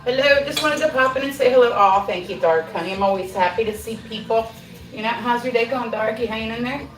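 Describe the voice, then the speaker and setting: A woman's voice: on the high side, fairly quick, far from the mic, soft background music. A middle-aged woman hosting a casual live stream while baking in her home kitchen, chatty, laughing often and swearing casually. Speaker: livestream host. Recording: echoey kitchen, voice from off-mic.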